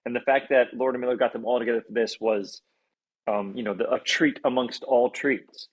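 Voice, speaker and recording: A man, an actor on a panel, talking in an excitable, gushing and playful way. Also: mid-range voice, a little fast, breathy edge, lo-fi sound. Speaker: actor and guest. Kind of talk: panel interview answers.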